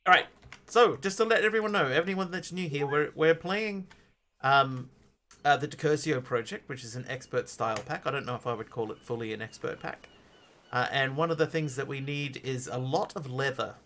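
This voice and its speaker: A man's voice: mid-range voice, brisk, sharp tone, a little hiss or hum. A man streaming a game live, chatting casually and greeting viewers while he plays. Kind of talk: live gameplay commentary.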